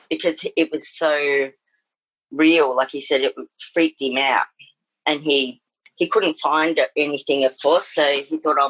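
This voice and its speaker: A woman's voice: sits low, dry recording, low-quality recording. Rambling Australian woman telling a ghost story. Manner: rambling, many fillers and restarts. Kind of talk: casual storytelling.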